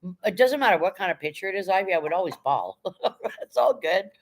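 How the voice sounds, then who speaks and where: A woman's voice: medium pitch, expressive, fairly quick, a little hiss or hum. Chatty woman reading her stream chat. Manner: chatty, reads viewer comments aloud and thanks them. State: emotional, near tears when talking about her late dog. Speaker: livestream host reading chat. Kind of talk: casual livestream chat.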